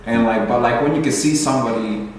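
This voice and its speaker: A man's voice: medium pitch, fast, a little hiss or hum. A young man telling a personal story in a group discussion, casual and reflective, full of "you know". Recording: echoey room, mic far off.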